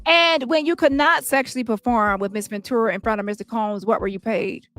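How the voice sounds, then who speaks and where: A woman reading a brisk trial attorney. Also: a little high, fairly bright tone, soft background music, lightly acted. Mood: probing. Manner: brisk, pointed questioning. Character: attorney questioning a witness at trial.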